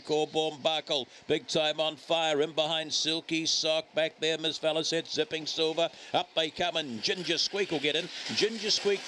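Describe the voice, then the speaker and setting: A man with a New Zealand accent calls greyhound races, reeling off the field in a fast, rhythmic patter. His voice sits a touch high and his pitch stays fairly flat through each run of names. Faint track ambience hums behind him. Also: a little hiss or hum. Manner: rapid rhythmic calling, rising and louder in the home straight. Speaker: race caller. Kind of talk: greyhound race commentary.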